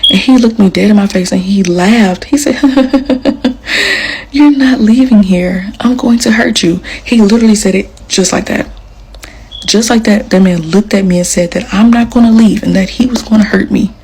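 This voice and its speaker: A woman's voice: mid-range voice, steady tone, a little fast, a little mellow, slight background noise, poor audio. A young adult woman casually telling a personal story, chatty and leaning on "like" as she acts out what people said. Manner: chatty, leans on "like", acts out quotes. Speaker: storyteller sharing a personal account.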